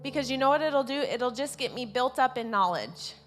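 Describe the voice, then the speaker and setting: Woman giving a casual sermon, kinda high voice, earnest, keeps repeating stuff, faint music under it. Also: animated, a little fast. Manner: earnest, repeats key words, swells louder on main points. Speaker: preacher at a church service. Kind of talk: informal sermon. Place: church service.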